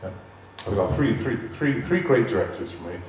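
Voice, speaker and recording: Deep-voiced West Country man in an echoing hall. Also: expressive, moderate pace, a little mellow. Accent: West Country English. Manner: chatty, amused storyteller. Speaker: guest speaker answering audience questions. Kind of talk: anecdotal talk to a live audience. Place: large arts hall. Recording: echoey hall, distant mic, faint hiss.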